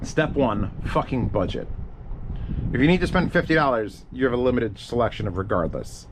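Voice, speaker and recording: A man's voice: medium pitch, expressive, moderate pace, background noise. Profane rambling male streamer. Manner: profane, rambling, thinking aloud. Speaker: streamer answering audio questions. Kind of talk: casual livestream chat.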